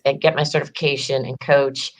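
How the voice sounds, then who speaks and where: A woman's voice: very deep voice, flat delivery, a little fast. A woman empowerment coach telling her story in a casual interview, chatty with lots of fillers and acted-out quotes. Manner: chatty, heavy "like" fillers, acts out quoted dialogue.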